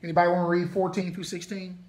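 A man's voice: high-pitched, flat delivery, quick pace. A man teaching an interactive Bible study, leaning hard on key points and stretching words for emphasis. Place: congregation meeting room.

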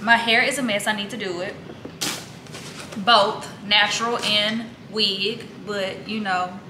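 A woman's voice: mid-range voice, fairly even intonation, slow. A woman vlogging at home, chatty and joking as she talks straight to her viewers while getting ready. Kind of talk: casual vlog talk to camera. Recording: echoey room with noise.

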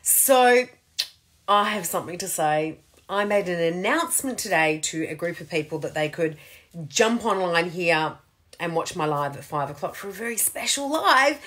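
A woman's voice: fairly low pitch, lively intonation, normal speed, fairly bright tone. A middle-aged woman chatting casually to camera, self-mocking and laughing often. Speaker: vlogger. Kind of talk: casual daily video chat.

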